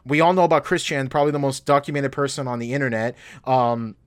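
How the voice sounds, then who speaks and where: A man's voice: medium pitch, fairly even intonation, fast, clean tone. A man co-hosting a podcast, talking bluntly with lots of swearing and heated opinions. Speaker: podcast co-host. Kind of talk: casual podcast chat.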